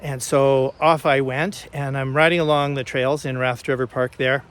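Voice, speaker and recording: An older man vlogging casually, retelling a personal story in a chatty, animated way. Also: medium pitch, moderate pace, smooth.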